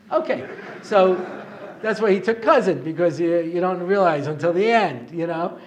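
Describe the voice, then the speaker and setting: A man's voice: on the high side, normal speed, a little hiss or hum. A middle-aged man, a rabbi giving a humorous lecture, telling jokes and chuckling at them before a live audience. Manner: joking storyteller, chuckles at his own jokes.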